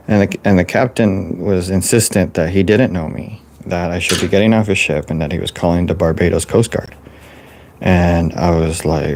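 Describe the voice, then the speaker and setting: A man with a very low, gravelly voice rambles through a deadpan tall tale. He halts and restarts often as he tells it. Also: a little hiss or hum. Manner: halting, full of restarts and fillers. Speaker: storyteller drawing on camera.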